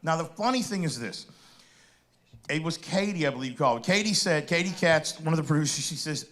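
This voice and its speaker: A middle-aged man with a notably high voice for a man. He chats casually and tells stories with animation, acting out other people's lines as he goes. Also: fairly quick. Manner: animated storyteller acting out quotes. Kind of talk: casual chat.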